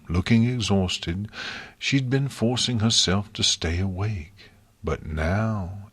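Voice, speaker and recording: A man narrating an audiobook story in a measured storytelling manner. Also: deep voice, fairly bright tone, no room sound. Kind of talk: scripted narration.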